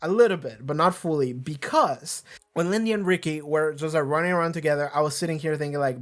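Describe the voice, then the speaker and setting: A man's voice: a little high, animated, fairly quick. A man hosting a reaction video, talking casually and animatedly, rambling with frequent restarts and swearing.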